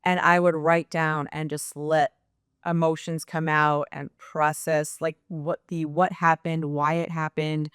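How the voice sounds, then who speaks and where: A woman's voice: sits low, little pitch movement, measured pace, clean tone, no echo, clean studio sound. A young adult woman, a guest in a casual interview, talking openly and reflectively with many fillers. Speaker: guest, nurse practitioner.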